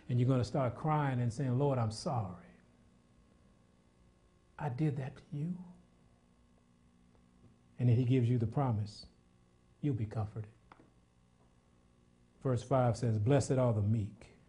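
Warm and relaxed in tone, this medium-pitched preacher swells into fast, loud urging, tripping over repeated words when he gets fired up. He later sinks into a quiet, intimate prayer.

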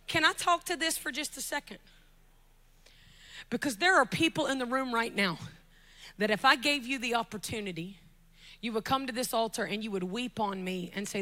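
A high-voiced, bright woman with a drawl preaches from a church pulpit. She jokes with the crowd, builds to shouted climaxes, then drops low and soft to press her point home. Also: normal speed, pauses often. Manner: animated, joking asides, shouting climaxes, drops to soft intimate tones. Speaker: guest preacher. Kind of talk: lively sermon.

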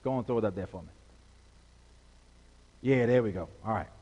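A man's voice: on the low side, moderate pace, warm tone, muffled recording. A man preaching a sermon as pastor, working the congregation with call-and-response and stretched-out emphasis. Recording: long hall reverb.

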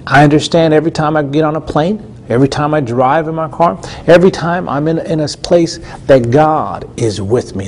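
A middle-aged man hosts a Christian TV show, teaching a sermon in an earnest, conversational way, repeating phrases and often restarting. His medium-pitched voice is a little mellow, with a touch of hiss or hum.

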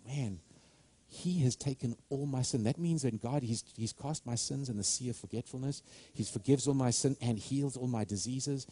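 A man's voice: mid-range voice, expressive, moderate pace, warm tone, husky, no room sound. A middle-aged man preaching a sermon with fervent delivery, often repeating and restarting words as he builds momentum.

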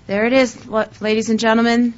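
A woman's voice: on the high side, flat delivery, a little fast, darkish tone, muffled recording. A woman co-hosting a casual talk show, bubbly and laughing often. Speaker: co-host. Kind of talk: casual chat.

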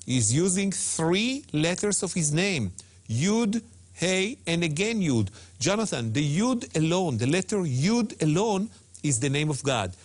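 Man, slightly high voice, very lively pitch, emphatic, repeats himself, religious TV guest. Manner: emphatic, repeats words and slows on Hebrew terms. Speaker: guest Hebrew teacher. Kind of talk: animated religious TV talk.

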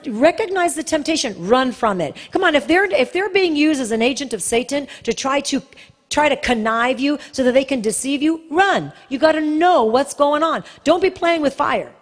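A woman preaching a sermon with passion, pressing hard on key phrases and slowing for emphasis. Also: high-pitched. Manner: passionate, shifts between fast and slow emphatic delivery. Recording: long hall reverb.

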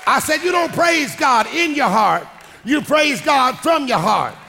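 A male pastor preaching a sermon, shouting and singing his lines and calling out to the congregation. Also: extremely high pitch, animated, measured pace, vocal fry, background noise. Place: large church hall with congregation. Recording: echoing hall with music and crowd.

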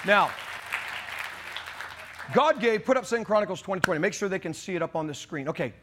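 A man preaching a fiery sermon, shouting and rising to outrage. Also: high-pitched, lively intonation, fairly quick, a crowd in the background, noisy background. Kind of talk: charismatic sermon.

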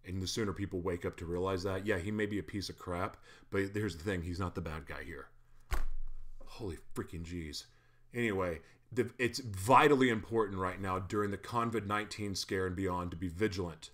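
A man with a somewhat low voice delivers a heated monologue, working himself up into loud ranting. He then drops into quiet, mock-polite asides before building again. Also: fairly even intonation, brisk. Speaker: online commentator.

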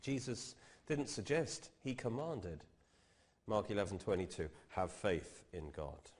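Man preaching a steady teaching sermon. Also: on the low side, unhurried. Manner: quotes scripture with rising emphasis; explains step by step like a teacher.

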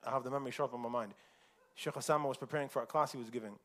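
A man's voice: medium pitch, steady tone, very fast, fairly bright tone. A man from the United States telling a personal story in a casual, chatty way at a community forum, laughing often.

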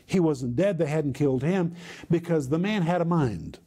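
A man gives preaching-style Bible teaching with a somewhat high yet warm, mellow voice. He leans on emphasis and repeats key phrases to drive each point home. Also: lively intonation, moderate pace, husky.

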